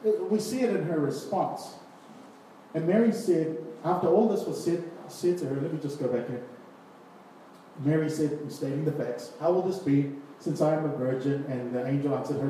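Male preacher, high, mellow voice, animated sermon, distant mic in an echoey hall. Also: slight background noise. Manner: animated, acts out scripture scenes with voices and laughs.

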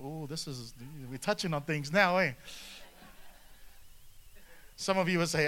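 A man preaching a sermon to a congregation, animated, with frequent asides and calls for the crowd to respond. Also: fairly high pitch, measured pace, long pauses. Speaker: pastor.

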